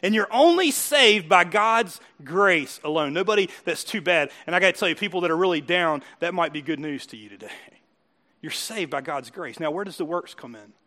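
A male pastor delivers a sermon in a high, bright voice. He keeps it conversational and teasing toward the congregation, with frequent chuckles. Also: lively intonation, moderate pace.

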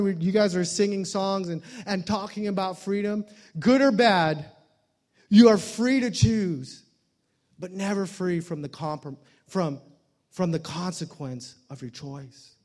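High-voiced joking male preacher. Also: a little mellow. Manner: conversational, joking, many fillers and restarts. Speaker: pastor. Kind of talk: sermon.

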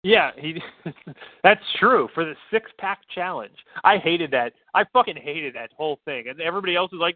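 A man's voice: fairly high pitch, animated, a little fast, dry recording. Rambling man on a tinny line. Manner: rambling, profane, full of fillers and impressions. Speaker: podcast co-host. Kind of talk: casual chat. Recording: tinny phone-like line, dry.

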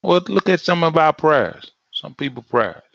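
A man's voice: a little high, big pitch swings, unhurried, vocal fry, fairly bright tone, no echo. A man preaching a sermon in a conversational, emphatic way, repeating phrases for effect. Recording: dull lo-fi sound.

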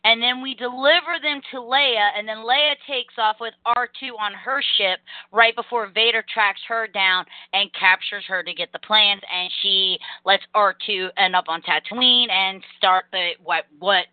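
A young adult woman hosting a casual podcast, talking in fast energetic rambles and acting out quotes. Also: mid-range voice, no echo. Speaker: podcast host. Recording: tinny phone-line call audio.

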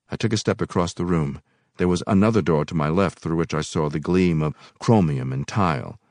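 A man with a deep, low voice reads a novel aloud at a measured, unhurried pace. The recording is dry and close, with no room echo. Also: darkish tone. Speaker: reader.

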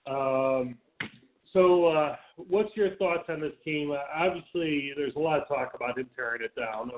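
A man's voice: a little high, a little slow. A man co-hosting a radio show, talking sports in a blunt, profane way with many stammered restarts. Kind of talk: casual sports talk. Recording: phone-like lo-fi sound.

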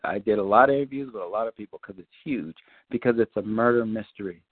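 A man on a community call, telling a long story in a loose, profane way and acting out scenes with high-pitched quotes. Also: fast, no echo. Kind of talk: animated storytelling chat. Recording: dry, phone-like line.

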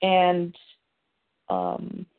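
A woman's voice: on the low side, very animated, very slow, clean tone. A woman hosting a podcast, casually recapping a TV episode in a rambling way with plenty of fillers, heard over a tinny, phone-like line. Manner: rambling, full of fillers and restarts.

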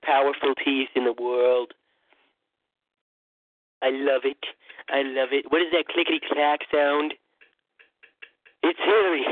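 In a lightly acted, mid-range voice, a man performs a comic monologue impersonating a boastful old male politician who rambles, stammers, and repeats himself. The audio is dry and tinny, like a phone.

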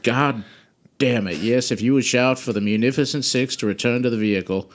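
Player, male, mid-pitched, prissy in-character delivery with mock exasperation. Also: brisk. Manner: mock-prim, theatrical exasperation. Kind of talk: in-character tabletop play.

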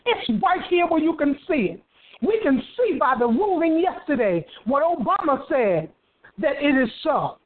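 A woman's voice: sits high, sing-song, normal speed, phone-quality sound. A woman preaching with fervor, breaking into hallelujahs and repeating phrases as she drives her points home. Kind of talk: fervent preaching.

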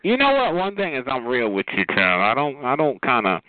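A man's voice: medium pitch, wildly swooping pitch, a little fast, no room sound. A man hosting a call-in show, sassily roasting a caller and drawling "child" and "honey" between every jab. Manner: sassy, drawling, calls others child and honey. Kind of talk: sassy comedic roasting on a phone call. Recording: tinny phone line.

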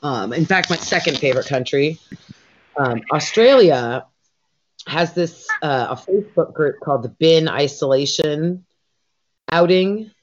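A woman's voice: low-pitched, lively intonation, a little slow. Rambling, foul-mouthed woman co-host. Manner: rambling, profane, many fillers. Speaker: podcast co-host. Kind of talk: casual chat. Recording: dull lo-fi recording.

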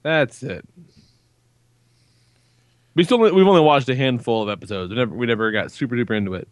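A man's voice: mid-range voice, brisk, no room sound, studio quality. A man co-hosting a podcast in casual chat, laid-back and dismissive in his manner. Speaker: podcast co-host.

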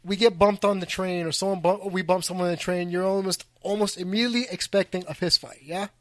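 Man, podcast host, high voice, dry close mic, animated and joking. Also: quick pace, no echo. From New York. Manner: animated, joking, restarts and piggybacks. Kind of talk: casual podcast chat.

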